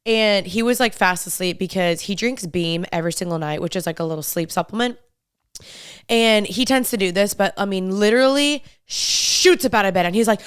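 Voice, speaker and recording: A woman's voice: medium pitch, moderate pace, a bit bright, smooth, dry recording, clean studio sound. A young woman hosting a podcast, chatting casually in a bubbly, talkative way full of "like" and "literally". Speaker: podcast host. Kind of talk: casual chat.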